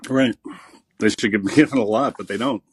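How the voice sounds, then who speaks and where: A man's voice: on the low side, moderate pace, husky, dry recording. A man chatting casually on a podcast, hesitant, with fillers and restarts. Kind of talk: casual chat.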